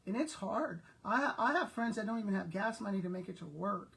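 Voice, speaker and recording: A woman's voice: mid-range voice, animated, fairly quick, gravelly, a bit bright. An older woman from South Texas talks casually to her viewers, a retired principal who tells rambling everyday stories. Her voice sits in an ordinary middle range and she speaks to the audience directly and familiarly. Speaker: retired school principal vlogger. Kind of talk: casual chat.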